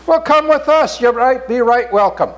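Man doing excited high-voiced merchants. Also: unhurried, exaggerated voice. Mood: eager. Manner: high and loud, eager. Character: excited group of male merchants.

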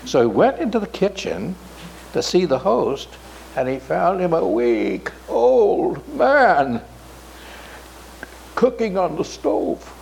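A man telling a folk tale in an unhurried, expressive way. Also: sits high, vocal fry, slight background noise, low-quality recording. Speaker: storyteller.

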